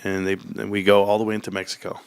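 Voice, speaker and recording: A man's voice: quick pace, creaky, clear, resonant tone, no echo. A man telling a childhood story in casual chat, laughing often and acting out voices. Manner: animated, acts out childhood voices in a high excited pitch.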